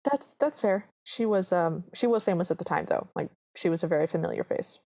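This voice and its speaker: A podcast co-host with a lowish, mellow voice talks through a film scene by scene. She slips into the characters' lines as she goes, telling it all in an easy, casual way. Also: fairly quick. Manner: animated storyteller, acts out quoted lines. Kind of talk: casual chat recapping a film.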